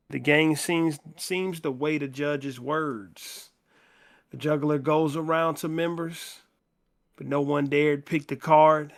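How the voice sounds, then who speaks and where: Slow-talking man retelling a novel. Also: a little high, fairly even intonation, creaky. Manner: slow, conversational retelling with quoted dialogue read in plain voice. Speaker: book club podcast host. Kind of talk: reading and retelling a novel in casual chat.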